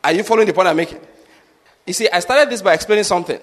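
A pastor with a high voice delivers a sermon. He teaches through practical examples and keeps checking whether his listeners follow him. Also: racing. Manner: repeatedly asks the congregation if they follow.

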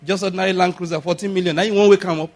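A man preaching a sermon, telling stories and acting out the people in them with sudden shouts. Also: high voice, fairly even intonation, racing. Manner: storytelling, acts out quoted voices with sudden shouts. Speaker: pastor.

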